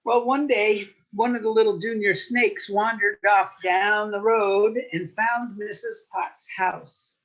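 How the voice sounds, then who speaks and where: A woman storyteller telling a playful folk tale with lively wordplay at a story swap. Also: medium pitch, takes it slowly, hardly any pauses, lo-fi sound.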